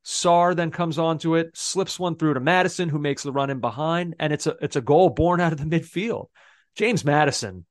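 A man's voice: a little high, moderate pace, no room sound, clean studio sound. A man co-hosting a football podcast, talking in an enthusiastic, casual way and laughing often. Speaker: podcast co-host.

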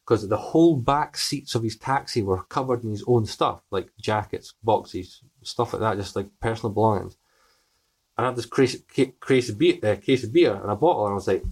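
A man's voice: fairly low pitch, brisk, darkish tone, husky. A young Scottish man, a podcast guest, telling a story casually with lots of swearing and acted-out quotes.

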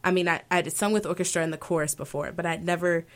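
Here an opera singer guests on an interview, recounting stories with feeling, animated energy, and frequent laughs. She has a fairly low-pitched voice and a fast delivery.

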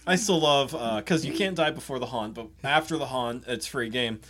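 A man co-hosting a podcast, telling game stories in a relaxed way and laughing often. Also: medium pitch, moderate pace, crowd noise. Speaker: podcast co-host. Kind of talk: casual chat.

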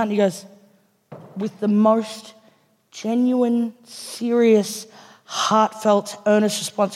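A woman's voice: mid-range voice, flat delivery, slow, long pauses, a little mellow. A woman with an Australian accent telling a stand-up story on stage, laughing through her lines and swearing casually. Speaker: stand-up comedian. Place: large theatre stage with a live audience. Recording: live theatre reverb, faint background noise.

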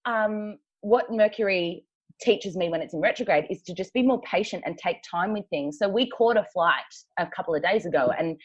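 A woman's voice: on the low side, normal speed, slightly rough. Chatty laughing woman on a dull line. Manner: chatty, laughs often, rambling asides. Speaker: podcast co-host. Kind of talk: casual chat. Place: travelling, recording remotely.

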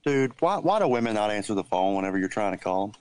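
A man's voice: on the low side, very animated, quick pace, heavy background noise. A man calling in to a livestream, chatting casually and joking. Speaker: regular caller. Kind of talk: casual call-in chat.

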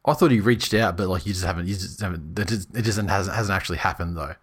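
A man's voice: low-pitched, fast, husky. A man co-hosting a podcast, recapping a rugby match with lots of restarts and swearing. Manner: stammering restarts, swearing, laughing. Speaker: podcast co-host. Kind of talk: casual chat, match recap.

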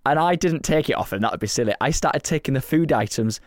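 A man's voice: mid-range voice, lively intonation, fast talker, no room sound, studio quality. A man co-hosting a podcast in a casual chat, teasing playfully and laughing often. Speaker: podcast co-host.

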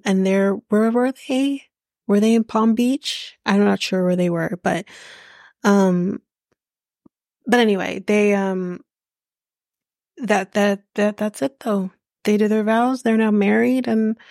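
A young woman talks through a reality show recap on her podcast, loose and chatty, full of fillers and casual swearing. Her mid-pitched voice carries a gravelly fry, and the recording is dry and close with no room sound. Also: a little mellow, dry recording. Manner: chatty, profane, rambling with many fillers.

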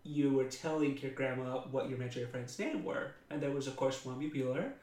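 A man's voice: mid-range voice, quick pace, a little mellow. A man chats casually, teasing his friend and prompting stories with questions. His voice sits in the middle range. The room is echoey. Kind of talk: casual chat. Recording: roomy echo.

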